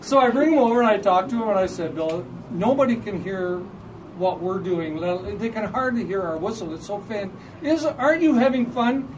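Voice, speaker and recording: A man with a Canadian accent telling lively, laughing anecdotes at a memorial gathering about a fellow referee. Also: sits high, normal speed. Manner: animated storytelling, acts out quoted voices with laughter. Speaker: referee assigner giving a memorial tribute. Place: gathering hall with audience. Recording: distant mic, noisy crowd.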